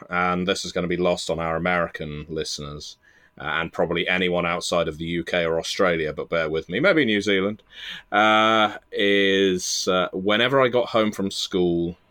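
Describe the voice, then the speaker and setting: A man with a Southern English accent hosts a casual podcast. His voice sits low, and he talks in a rambling, self-deprecating way, with plenty of "uh" and restarts. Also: moderate pace, a bit bright, clean tone. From England. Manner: chatty, self-deprecating, many filler restarts. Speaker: podcast host and interviewer.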